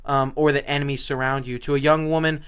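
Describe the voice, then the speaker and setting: A man's voice: mid-range voice, level tone, fast talker, a bit bright, clean tone. A young man co-hosting a podcast, chatting and joking in a rambling way at a small table. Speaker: podcast co-host. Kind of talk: casual chat.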